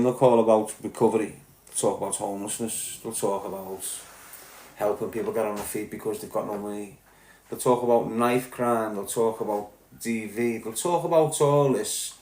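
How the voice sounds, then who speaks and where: A man's voice: mid-range voice, darkish tone, echoey room. Angry swearing Liverpool man ranting. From Liverpool, England. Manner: angry, blunt, heavy swearing. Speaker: podcast host. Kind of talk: heated ranting monologue.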